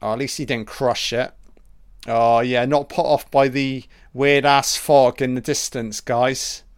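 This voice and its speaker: Slow, sarcastic man. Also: medium pitch, little pitch movement, clean tone, no echo, studio quality. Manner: crude, sarcastic, swears often. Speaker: film commentator. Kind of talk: casual film commentary. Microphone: home mic, audio only.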